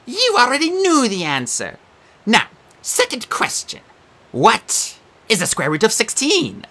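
A prim, snappish sphinx monster barking out quiz questions in a high, drawn-out voice, as a woman reads her. The pitch leaps wildly from line to line. It is a storybook audiobook voice. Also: wildly swooping pitch, sharp tone, exaggerated voice. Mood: snippy. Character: fussy female sphinx monster quizmaster.

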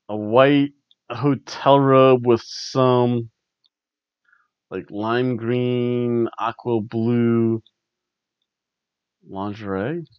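A man chats through a wrestling recap in a loose, rambling way, chuckling between his wry asides. His voice sits at an ordinary middle pitch, and the recording sounds dull, lo-fi and dry. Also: clean tone, dry recording. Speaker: podcast host. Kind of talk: casual wrestling review chat.

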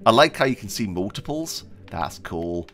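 A man commenting as he plays a video game, chatty and excitable, often squealing with delight. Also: lowish voice, normal speed. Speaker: gaming video host. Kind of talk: let's play commentary.

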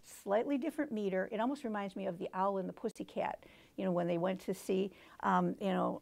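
A woman's voice: medium pitch, fairly even intonation, fairly quick, vocal fry, a little mellow. A woman hosting a book talk for teachers, explaining in a teacherly way and reading poems aloud. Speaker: book reviewer and show host.

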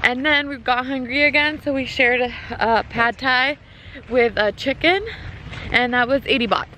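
A young woman vlogging outdoors in a slightly high, chatty voice, giggling as she talks to her viewers. Busy street noise runs clearly under her handheld camera audio. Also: fairly even intonation, normal speed, pushed and bright. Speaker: travel vlogger. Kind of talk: casual travel vlog chat. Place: outdoors at a beach and town streets. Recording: noisy outdoor street sound.

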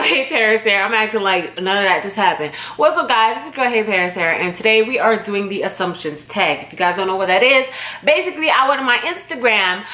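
Young woman, Jamaican-tinged accent, rambling profane vlogger, fairly high voice, echoey home room. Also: bright, forceful tone. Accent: Jamaican-tinged English. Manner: rambling, chatty, blunt and profane. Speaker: YouTuber. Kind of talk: casual direct-to-camera vlog. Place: her home condo.

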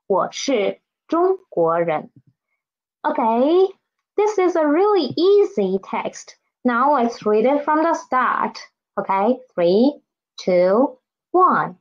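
A woman's voice: a little high, big pitch swings, slow, dull audio. A woman teaching a beginner Mandarin lesson, drilling words patiently and repeating them for learners to echo. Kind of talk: online language lesson.

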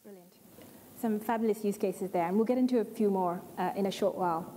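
A woman from Australia moderates a conference panel with a warm, mellow tone and brisk, upbeat hand-offs. The hall adds a long reverb and a faint noise bed. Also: mid-range voice.

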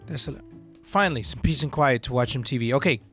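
A man's voice: mid-range voice, fast talker, fairly bright tone, breathy edge, faint music behind. Joking, profane young man. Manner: joking, profane, mixing in Spanish slang. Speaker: gaming streamer. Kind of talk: casual let's-play commentary.

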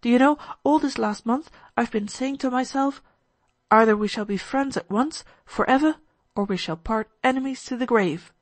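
A woman voicing an eager, excitable teenage boy in an audiobook, gushing with breathless enthusiasm. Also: fairly high pitch, moderate pace, no echo, pitched above the performer's own voice, natural voice. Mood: excited. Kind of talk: audiobook character voice.

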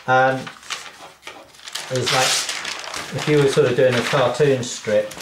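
A man talks through how he draws a cartoon, unhurried and rambling, full of fillers and self-deprecating asides. His voice sits in the middle of the range and has a roomy echo around it. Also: medium pitch, steady tone, noisy background. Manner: rambling, self-deprecating, laughs at own jokes. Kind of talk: casual drawing tutorial.

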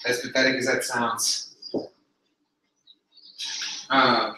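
A man's voice: medium pitch, flat delivery, takes it slowly, pushed and bright. A man hosting a casual livestream for his viewers while in pain from a burned hand, groaning, sighing and swearing between remarks. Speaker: vlogger host. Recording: echoey room, faint noise.

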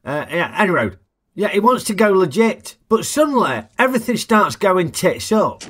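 Chatty man, lively pitch. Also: moderate pace, noisy background. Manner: chatty, jokey, asks tag questions. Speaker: film reviewer. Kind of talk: casual film review narration.

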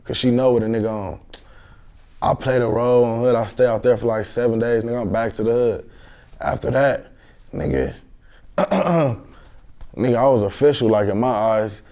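A man's voice: medium pitch, normal speed, long pauses, warm tone. A young man, a guest telling a story in an interview in a slangy street manner with many fillers.

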